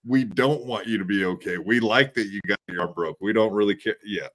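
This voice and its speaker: A man's voice: fairly low pitch, a little fast, fairly bright tone. A man co-hosting a podcast in casual chat, mocking and trash-talking a rival.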